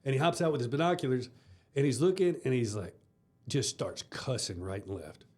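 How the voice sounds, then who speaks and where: A man's voice: medium pitch, expressive, fairly quick, darkish tone. A man, co-hosting a casual podcast and telling rambling hunting stories, laughing often. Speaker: podcast co-host. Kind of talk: casual chat.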